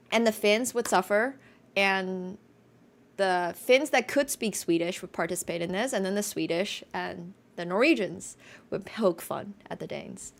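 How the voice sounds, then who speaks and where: Young woman streamer, gravelly edge, loose rambling chat with fillers. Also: mid-range voice. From Finland. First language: Finnish. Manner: chatty, rambling, many restarts and fillers. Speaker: chess streamer.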